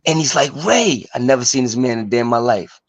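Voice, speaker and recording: A man sharing his story as a guest, halting and searching for words. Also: medium pitch, no room sound. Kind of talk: emotional personal sharing. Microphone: video call. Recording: dull, dry video-call audio.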